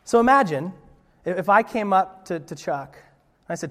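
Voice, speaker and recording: Lively high-voiced preaching man. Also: normal speed, big-room sound. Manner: lively, conversational preaching with playful asides. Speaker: pastor. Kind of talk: sermon.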